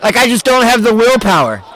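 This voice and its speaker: A man giving casual, mocking live-stream commentary, laughing often and breaking into loud outbursts. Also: extremely high pitch.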